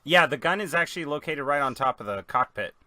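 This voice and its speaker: A man's voice: on the high side, expressive, quick pace, pushed and bright, dry recording. A man as game master, explaining rules and narrating scenes in a tabletop role-playing game.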